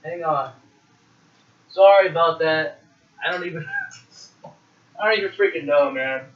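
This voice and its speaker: A man's voice: fairly high pitch, a little slow, dull audio. A man giving a casual, rambling movie review, emphatic and full of fillers.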